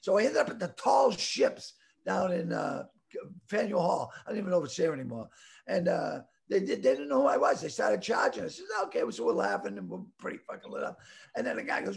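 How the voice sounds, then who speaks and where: A middle-aged man from the Boston area telling a rambling story with stammering restarts and animated voices. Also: high-pitched, brisk, creaky. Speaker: comedian guest telling a story. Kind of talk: casual storytelling.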